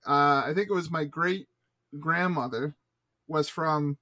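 A man's voice: a little high, a little slow, bright, forceful tone. Canadian man telling rambling stories. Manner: rambling storyteller, self-deprecating. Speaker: podcast co-host. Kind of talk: casual chat.

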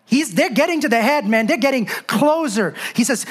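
A woman preaches a sermon in a lively, conversational way, keeping her listeners close with rhetorical questions. Her voice sits a little high, and she presses her points with emphasis. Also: moderate pace, hardly any pauses.

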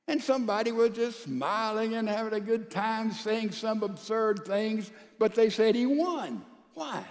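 A male pastor preaching a sermon to a large church congregation, calling out to the crowd and swinging between loud and soft. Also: high-pitched, in a large hall. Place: large church sanctuary with a balcony.

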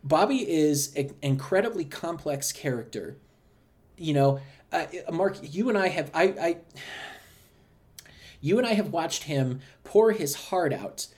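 A man's voice: fairly high pitch, expressive, measured pace, a little mellow. A man co-hosting a podcast, ranting animatedly with plenty of swearing. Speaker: podcast co-host. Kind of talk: casual podcast chat.

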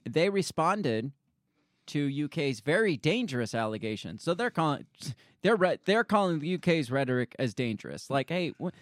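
A man's voice: a little high, very animated, normal speed, dry recording, studio quality. A man from the United States co-hosting a casual political talk show, reading news articles aloud and mocking the officials he quotes. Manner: conversational, sarcastic, mocks quoted officials in put-on voices. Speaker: podcast co-host.

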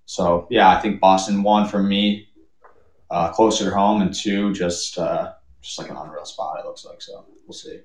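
A man in his late twenties, a podcast guest, telling animated stories and mimicking other people in casual chat. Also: sits low, normal speed. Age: late 20s. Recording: roomy echo.

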